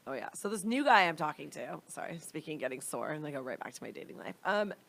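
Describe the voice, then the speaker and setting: A woman's voice: deep voice, very animated, fast, creaky, fairly bright tone. A young adult woman co-hosting a comedy podcast, chatting casually with giggles and exclamations. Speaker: podcast co-host. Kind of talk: casual chat.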